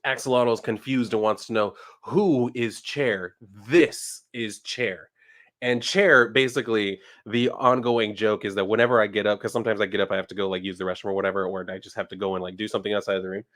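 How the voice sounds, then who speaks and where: A male streamer chatting casually on a live stream, reading out viewer messages. His pitch swings widely as he gets worked up, and he swears freely in a loose, joking way. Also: rapid-fire, few pauses. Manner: animated, swearing, reads chat aloud.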